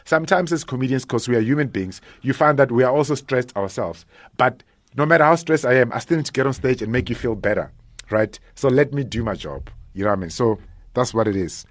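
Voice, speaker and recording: A man, a stand-up comedian talking casually in a radio interview, animated and often laughing. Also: medium pitch, fairly quick, dry recording. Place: radio studio.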